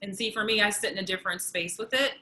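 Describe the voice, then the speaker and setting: A woman's voice: medium pitch, quick pace, pushed and bright, rough recording. A woman speaking as a panelist and counselor in a roundtable over a video call, reflective and questioning.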